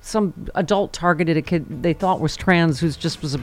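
A woman's voice: deep voice, moderate pace. A woman hosts a call-in talk show in a loose, conversational way. She checks in with callers and guests and keeps the talk moving. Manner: warm and conversational, takes calls. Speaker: host. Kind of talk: casual talk radio.

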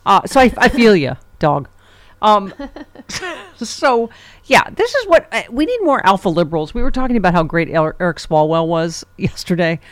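A woman's voice: medium pitch, sing-song, moderate pace, dry recording. A woman hosting a talk radio show, chatting casually, laughing often and acting out the exchanges she quotes.

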